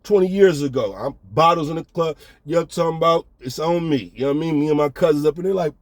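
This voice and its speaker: A man's voice: a little high, quick pace, no room sound. A man telling a story in a laid-back, slangy way, often checking in with the listener. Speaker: storyteller host. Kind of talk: casual storytelling.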